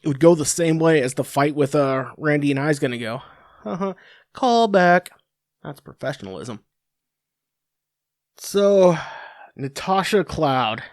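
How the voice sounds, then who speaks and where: A man's voice: on the high side, animated, a little slow, long pauses, dry recording, clean studio sound. A man hosting a sports podcast, delivering a crude, sarcastic rant from his home office into a computer mic. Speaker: podcast host.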